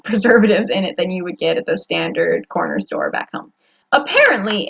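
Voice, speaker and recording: Talking to the camera indoors at home, a young woman from the United States rambles about her days, full of fillers and restarts. Her voice is mid-range, gravelly, and fairly bright with a breathy edge, and the lo-fi audio sounds slightly dull.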